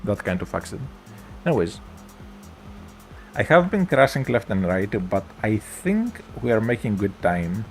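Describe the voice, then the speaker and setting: A man with a thick Greek accent, chatting through a relaxed game stream. His voice sits low and has a gravelly edge, and he rambles easily with plenty of fillers. Faint game music plays behind him. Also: a little slow. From Greece. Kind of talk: casual gameplay chat.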